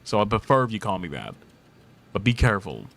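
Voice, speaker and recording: A man's voice: lowish voice, sing-song, a little fast, vocal fry, a bit bright. Playful man streamer teasing his chat. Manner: playful, teasing, laughs often. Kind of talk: casual chat.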